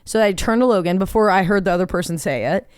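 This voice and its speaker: A woman co-hosting a podcast in casual chat, bubbly, laughing easily and bantering quickly. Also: medium pitch, a little mellow, clear, resonant tone, no echo, clean studio sound. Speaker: podcast co-host.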